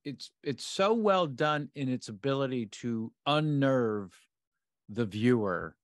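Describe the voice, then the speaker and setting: A man hosting a podcast, talking through an episode in a measured, analytical way, often restarting his sentences. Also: medium pitch, lively intonation, dry recording, studio quality. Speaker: podcast host. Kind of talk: episode discussion.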